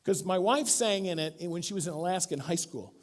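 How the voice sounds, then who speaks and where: A middle-aged man delivers a sermon in church. His voice sits somewhat high for a man, and he talks in a casual, storytelling way, acting out the lines he quotes. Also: fairly quick. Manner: storytelling, animated, acts out quotes. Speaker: pastor.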